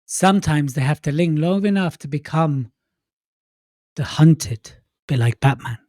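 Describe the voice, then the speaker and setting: A man's voice: a little high, animated, measured pace, darkish tone, dry recording. Playful man, dry close sound. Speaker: podcast co-host. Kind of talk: casual chat.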